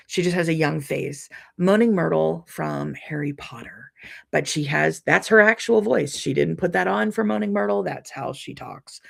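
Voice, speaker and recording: A middle-aged woman with a deeply gravelly, husky voice hosts a relaxed quilting live stream. She rambles loosely with plenty of ums and restarts, reading viewers' comments aloud and replying to each one.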